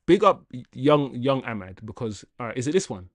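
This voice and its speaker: A young man hosting a casual football livestream, reading viewer comments with slangy, animated chatter and laughter. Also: medium pitch, moderate pace, dry recording.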